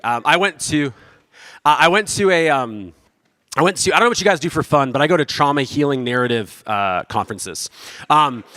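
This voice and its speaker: Casual bright-voiced male pastor preaching. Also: a little high, big-room sound. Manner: casual, self-deprecating, acts out quoted voices. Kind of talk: conversational sermon.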